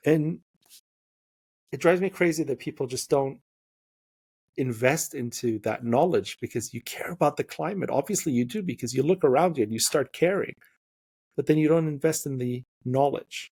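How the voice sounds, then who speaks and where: A young man hosting a podcast interview, talking in an animated, opinionated way and slipping into quoted voices. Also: medium pitch, normal speed, vocal fry, husky. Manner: animated, opinionated, mimics voices when quoting. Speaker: podcast host. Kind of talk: casual interview conversation.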